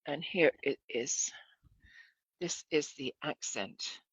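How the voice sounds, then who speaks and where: A woman's voice: low voice, takes it slowly, husky, no room sound, rough recording. A woman giving a casual, chatty demonstration lesson as a sewing instructor, correcting herself and asking viewers to look.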